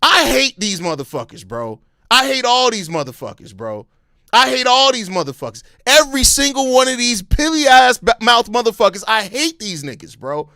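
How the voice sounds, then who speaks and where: A man's voice: very high voice, normal speed, no room sound, studio quality. A man hosting a sports podcast live, giving impassioned, heavily profane fan commentary. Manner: calmer, apologetic stretches between outbursts.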